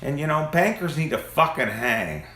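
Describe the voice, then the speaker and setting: Man, angry preachy rant on a phone with lots of swearing, lively pitch, echoey room sound. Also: moderate pace. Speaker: vlogger. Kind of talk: ranting monologue. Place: among parked cars. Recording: roomy phone recording.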